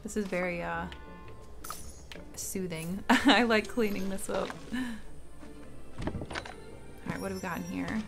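Woman streamer, casual and chatty, mid pitch, soft game music underneath. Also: steady tone, measured pace, creaky, pauses often. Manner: thinking aloud, chatty with hesitations. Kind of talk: casual let's-play commentary. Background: faint game music.

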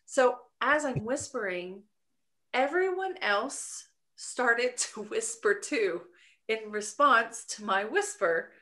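A woman's voice: on the high side, animated, takes it slowly, bright, forceful tone. A woman, a coach and podcast co-host, talking in an earnest, searching way in a casual conversation. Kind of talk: reflective casual podcast chat.

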